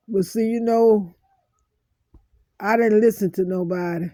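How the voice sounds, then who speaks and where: A woman in a personal vlog monologue, talking slowly with heavy pauses and repeating her hurt, aggrieved lines over and over. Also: medium pitch, steady tone, dark tone, no room sound. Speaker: vlogger.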